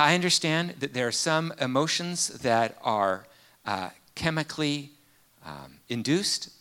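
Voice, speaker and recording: A man preaching a sermon, telling a personal story earnestly with many pauses and fillers. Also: medium pitch, sharp tone.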